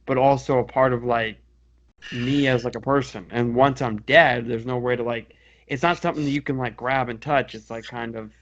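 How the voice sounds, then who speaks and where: A man co-hosting a casual podcast, speaking haltingly with lots of fillers. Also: medium pitch, fairly even intonation, dull audio. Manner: halting, hesitant with many likes. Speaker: podcast co-host. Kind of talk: casual chat.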